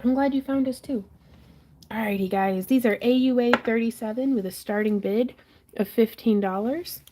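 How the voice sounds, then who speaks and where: A woman's voice: a little high, moderate pace, noisy background. Giggly woman hosting a live auction. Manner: giggly, self-deprecating, chatty. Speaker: host of a live jewelry auction stream. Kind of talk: casual live-stream chat.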